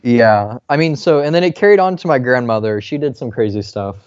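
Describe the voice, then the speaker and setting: In an apartment in New York, a man co-hosting a podcast tells a family story in casual chat, acting out the people in it by raising his pitch when quoting them. His voice has lively intonation and a clear, resonant, slightly mellow tone, and he talks a little fast. The recording is dry and muffled.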